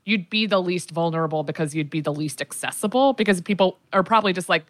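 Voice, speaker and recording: A woman's voice: fairly low pitch, quick pace, no room sound. A woman co-hosting a casual chat, reacting with dry quips and lots of fillers. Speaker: podcast co-host.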